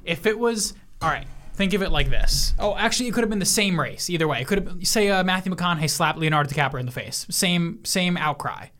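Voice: mid-range voice, expressive, quick pace, fairly bright tone. Blunt opinionated podcast co-host. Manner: blunt and opinionated, swears casually. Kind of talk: casual chat.

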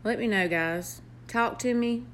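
Southern woman, young, earnest heartfelt vlog talk, slow and deliberate delivery. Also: on the high side, slight background noise. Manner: earnest, heartfelt, with pauses and fillers. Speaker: nurse vlogger. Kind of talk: motivational vlog.

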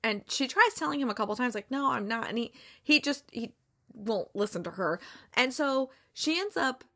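A woman's voice: fairly high pitch, lively intonation, moderate pace, bright, forceful tone. A woman hosting a movie review show, chatting casually in a rambling, sarcastic way with lots of fillers. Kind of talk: casual chat.

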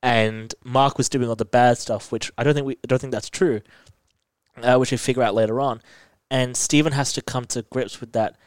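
A man talks through a TV episode, lively and detailed. His voice sits at a medium pitch. The sound is dry and close to the mic. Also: normal speed, clear, resonant tone, dry recording. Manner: animated, detailed retelling. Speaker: podcast co-host. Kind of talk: casual chat recapping a TV episode.

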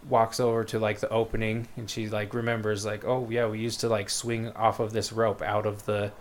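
A man chats casually and rambles through a retelling, full of fillers and quick quoted lines. His voice sits low and barely moves in pitch. A faint hiss of room noise stays under him. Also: level tone. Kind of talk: casual chat, retelling a book plot.

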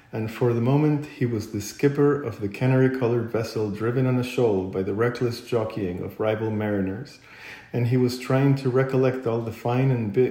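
Mellow-voiced man reading a storybook aloud. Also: mid-range voice. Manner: unhurried, occasional slips and throat-clearing. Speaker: narrator. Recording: echoey room.

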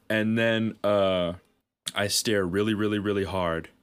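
Man, lowish voice, casual podcast chat, rambling, swearing, laughing at his own stories. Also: steady tone, a little slow, clean tone. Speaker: podcast co-host.

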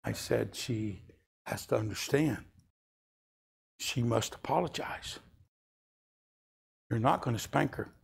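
A man's voice: mid-range voice, takes it slowly, vocal fry, pauses often, slightly rough. An older man preaching a sermon, telling a family story and rising into impassioned pleas.

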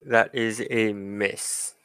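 A man running a tabletop game as game master, narrating in a relaxed way with laughs and fillers. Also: lowish voice, drawn-out words, smooth.

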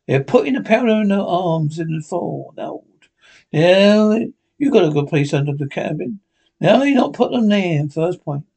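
A man's voice: high voice, a little mellow, slightly rough, full character voice. A man voicing a blunt, stern male ship's captain in a classic novel read aloud, with clipped, firm speech and a few stumbles. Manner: clipped, firm, stumbling over some words.

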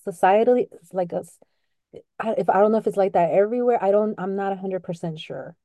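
A middle-aged woman talks with open, heartfelt emotion in a relaxed podcast conversation, often breaking into laughter. Her tone is soft and mellow, recorded close and dry. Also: medium pitch, fast talker, dry recording. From Latino family background. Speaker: podcast co-host.

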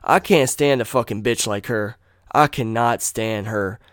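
A man's voice: on the low side, a little slow, fairly bright tone, dry recording, clean studio sound. A man hosting a solo podcast, ranting in an angry, blunt and profane way. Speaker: podcast host.

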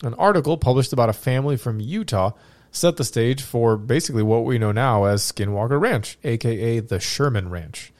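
A man's voice: mid-range voice, normal speed, a little mellow, no room sound, clean studio sound. A man who is sick, hosting a casual podcast and reading out research in a joking, rambling way that often breaks off mid-thought. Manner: joking, rambling, self-interrupting. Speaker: podcast host.

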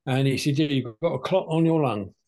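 Telling his own cancer story on a podcast he co-hosts, an older man talks briskly in a medium-pitched, slightly mellow voice. His delivery is casual, chatty and plain-spoken, and he plays both parts of each conversation.

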